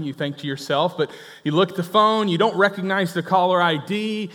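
A man's voice: high-pitched, fairly quick, a bit bright. A man preaching a sermon as pastor, telling a story conversationally and acting out the dialogue. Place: church. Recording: echoey church hall.

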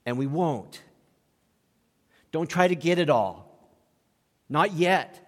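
A male pastor preaching an animated sermon, acting out quoted voices and chuckling between points. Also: on the high side, slow. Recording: long hall reverb.

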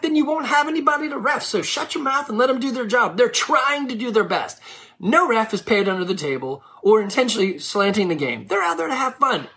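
A woman's voice: on the high side, fairly bright tone. A woman who coaches youth sports, giving blunt, scolding advice to parents in a frank monologue.

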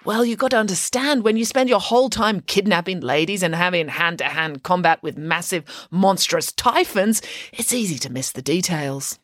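A woman's voice: fairly low pitch, normal speed, a bit bright, no room sound, studio quality. A woman voicing a confident, bossy female pig nanny who speaks in a matter-of-fact storytelling way. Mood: knowing, matter-of-fact.

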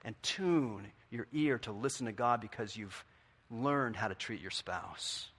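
A middle-aged man preaching a sermon in a conversational way, asking the congregation questions and swinging from quiet to loud. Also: medium pitch, lively intonation, unhurried, husky. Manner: conversational, asks the audience questions. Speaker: pastor.

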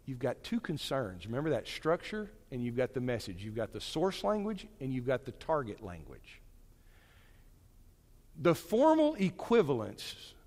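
Guy teaching a bible class, super animated, voice jumping all over, big echoey hall. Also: medium pitch. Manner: animated, digressive, with frequent asides and restarts. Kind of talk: conversational church teaching.

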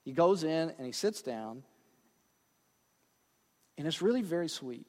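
A man's voice: on the high side, expressive, measured pace, big-room sound. A male pastor preaching a sermon in a conversational way, with frequent asides and check-ins with the congregation.

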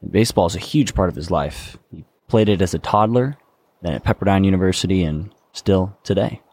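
A man's voice: low voice, brisk, darkish tone, slightly rough. A man narrating a true story in a conversational way, with teasing asides to the listener.

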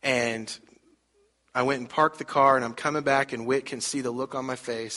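A man's voice: medium pitch, steady tone, normal speed, bright, forceful tone. A middle-aged man preaching a sermon, telling a story conversationally and putting rhetorical questions to the congregation. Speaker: pastor.

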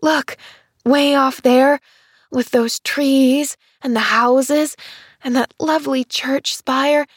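An eager little orphan girl, as a woman reader puts her on, high and breathless, speaking slowly in a dry, close recording. She sounds earnest and bright in this storybook reading. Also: husky, no room sound, heavily acted. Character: cheerful earnest orphan girl, around eleven.

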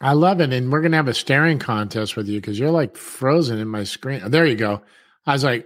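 A man's voice: medium pitch, animated, brisk, no echo, studio quality. A man co-hosting a casual chat show over a video call, ranting and swearing, acting out customers in put-on voices. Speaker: co-host.

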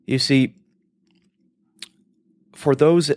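A man's voice: medium pitch, fairly even intonation, extremely slow, darkish tone. A man hosting a podcast, talking in a rambling, casual monologue with some swearing, often laughing at himself. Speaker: podcast host.

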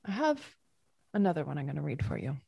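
A woman yoga teacher giving a reflective podcast talk, musing softly with halting restarts. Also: low-pitched, big pitch swings, vocal fry, breathy edge, no echo.

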